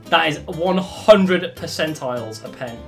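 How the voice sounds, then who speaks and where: Excitable man yelling at a game. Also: fairly high pitch, a little slow, gravelly, soft background music. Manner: loud exasperated outbursts and laughter. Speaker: gaming YouTuber. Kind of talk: excitable gameplay commentary.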